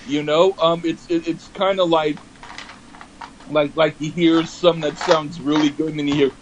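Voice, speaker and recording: A man co-hosting a podcast in casual chat, self-deprecating and halting, restarting his words often. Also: fairly high pitch, level tone, lo-fi sound, a little hiss or hum. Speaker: podcast co-host and songwriter.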